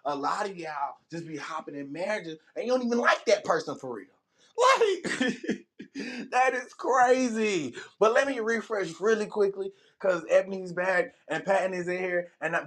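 A man with a high-pitched voice hosts a morning podcast. He talks casually and energetically and laughs often with his guests. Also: a bit bright. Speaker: podcast host.

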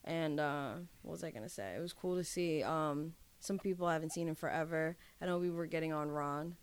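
Low-voiced woman telling lively stories. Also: fairly quick, smooth. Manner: animated storyteller, profane, acts out quotes. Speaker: podcast co-host. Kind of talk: casual chat.

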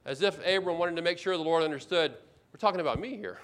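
Fairly high-voiced preaching pastor. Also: male voice, quick pace, fairly bright tone. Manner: expository preaching with emphatic repetition; acts out the speaker's complaints in first person. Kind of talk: sermon.

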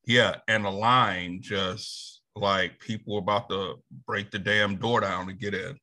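A man's voice: on the low side, fairly even intonation, measured pace, sharp tone. A man who does stand-up comedy, a guest answering in a laid-back way with many fillers. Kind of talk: casual interview chat.

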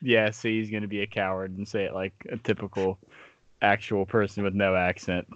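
A man's voice: fairly low pitch, flat delivery, brisk, fairly bright tone, no echo. Laid-back man, muffled dry audio. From Southern United States. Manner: laid-back, profane storyteller who laughs often. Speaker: podcast co-host. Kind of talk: casual chat.

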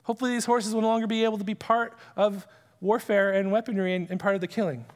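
A man with a notably high voice teaches scripture in a lively, conversational style. He keeps asking his listeners questions. His voice rings out with the long reverb of a large hall. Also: fast talker. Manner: animated, full of rhetorical questions. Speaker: Bible teacher.

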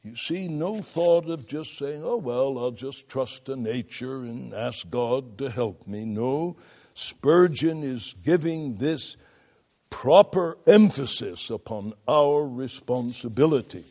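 A man's voice: mid-range voice, slow pace, a little mellow. An older man giving a classroom lecture on preaching, reading quotations aloud and spelling words out to make his point. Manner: reads quotations aloud, spells words out, shifts volume for emphasis.

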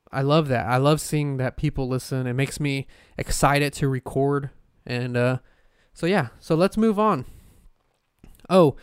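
Male podcast host, solo casual chat, rambling and profane, smooth voice, dry close mic. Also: fairly high pitch, no room sound. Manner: rambling, profane, frequent fillers and restarts.

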